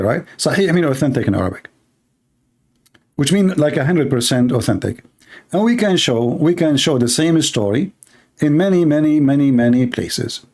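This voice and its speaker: A man hosting, giving heated commentary on a clip, blunt and scornful and quick to insult. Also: on the high side, darkish tone, breathy edge. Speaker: host commenting on a video clip.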